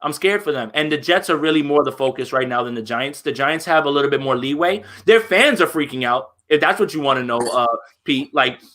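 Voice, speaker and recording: Bright-voiced man in casual sports chat. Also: on the high side, brisk, hardly any pauses. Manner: animated, opinionated, many restarts. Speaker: podcast co-host.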